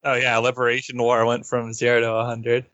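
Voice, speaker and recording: Bright-voiced opinionated podcast man. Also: mid-range voice, completely flat delivery, fairly quick, no room sound, highs cut off. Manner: frank, opinionated, laughs often. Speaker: podcast co-host. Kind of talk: casual game discussion.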